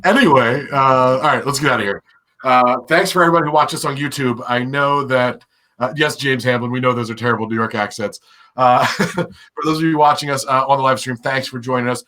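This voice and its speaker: A man's voice: mid-range voice, fairly quick, sharp tone. A man hosting a casual podcast chat, chatty and hedging his words. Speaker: podcast host.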